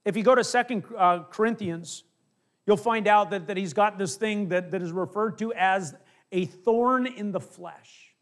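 High-voiced man preaching a conversational sermon. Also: normal speed. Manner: conversational preaching with acted-out asides, swings from emphatic to hushed. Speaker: pastor.

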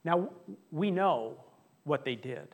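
Male pastor, high voice, animated conversational sermon delivery. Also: takes it slowly, narrow, tinny audio. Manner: animated, conversational preaching with many restarts and acted-out quotes. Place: church sanctuary.

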